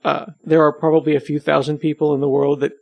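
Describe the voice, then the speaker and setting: A man's voice: a little high, little pitch movement, quick pace, creaky, darkish tone, no room sound. A man being interviewed on his podcast, chatting casually and joking about himself. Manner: joking, self-deprecating, rambling.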